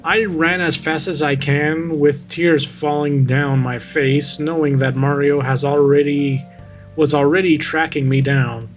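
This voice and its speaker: A man's voice: on the high side, fairly even intonation, measured pace, faint music behind. Sarcastic man mocking a creepypasta. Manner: sarcastic, mocking, swears casually. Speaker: vtuber reading a creepypasta. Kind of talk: story reading with mocking commentary.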